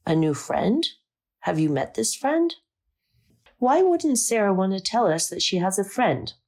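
Storybook role: woman reader doing a gruff Slavic-accented mother, guttural, gravelly, blunt. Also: very animated, unhurried, a little mellow. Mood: stern. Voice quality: guttural, deep. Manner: blunt and suspicious. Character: stern worried mother with a thick Slavic accent.

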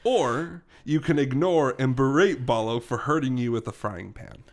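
A man's voice: mid-range voice, normal speed. A man narrating a tabletop role-playing game as game master, casual and self-correcting.

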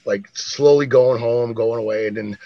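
A man's voice: mid-range voice, normal speed, dark tone, dry recording, muffled recording. A man co-hosting a podcast, telling a party story in a laid-back way, swearing and laughing often. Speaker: podcast co-host. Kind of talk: casual storytelling chat.

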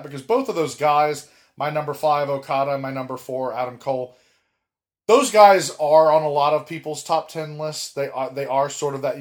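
A man co-hosting a casual wrestling podcast, talking animatedly with emphatic, drawn-out words and frequent restarts. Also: a little high. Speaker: podcast co-host.

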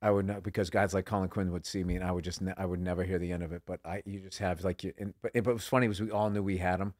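A man's voice: low voice, level tone, rapid-fire, darkish tone, no room sound, studio quality. A man chatting as a comedian guest, telling rambling, profane stories full of restarts. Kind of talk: casual chat.

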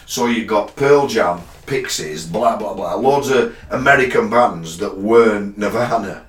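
A middle-aged man tells gig stories in a casual chat, swearing freely and acting out quoted lines. His voice sits at an ordinary pitch. He sounds set back from the mic in an echoey room. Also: unhurried. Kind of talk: casual chat about gigs. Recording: roomy, far from mic.

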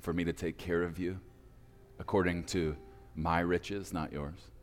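Brief: preacher as a rich, powerful father, deep, hushed and grave. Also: little pitch movement, long reverb tail. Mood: somber. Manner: slow, quiet and grave. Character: somber wealthy powerful older father.

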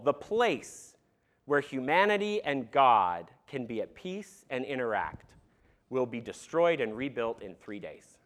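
A young man preaching a sermon to a congregation in a church, animated and conversational with asides to the crowd. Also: a little high. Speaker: pastor. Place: church sanctuary.

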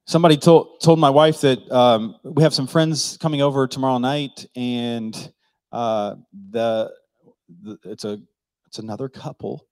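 A man's voice: medium pitch, dry recording. A man preaching a casual, joking sermon, asking the congregation questions and acting out the people he quotes. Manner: joking, conversational, asks the crowd questions; acts out quoted voices. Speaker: pastor.

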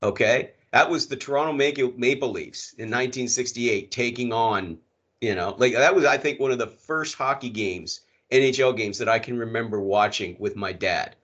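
A man's voice: medium pitch, normal speed, a bit bright. Middle-aged guy ranting about hockey on a podcast, cussing a lot, kinda muffled audio. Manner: ranting, profane, emphatic. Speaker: podcast co-host. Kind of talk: casual sports chat. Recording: muffled lo-fi sound.

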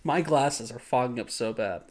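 A man co-hosting a casual podcast at a middle pitch. He jokes through the recap, laughs easily and mocks himself. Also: normal speed, a little mellow. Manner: jokey, laughs often, self-mocking. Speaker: podcast co-host.

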